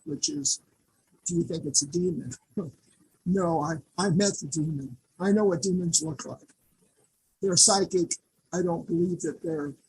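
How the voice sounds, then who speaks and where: A man, an artist, earnestly recounting a personal vision in conversation, speaking haltingly and with feeling. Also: sits high, slight background noise, low-quality recording. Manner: earnest, halting storytelling, stirred with emotion. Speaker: artist guest.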